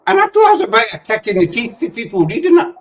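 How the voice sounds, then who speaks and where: A man's voice: very high-pitched, sing-song, very fast, poor audio. A man hosting a casual chat, rambling and easily sidetracked. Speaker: host.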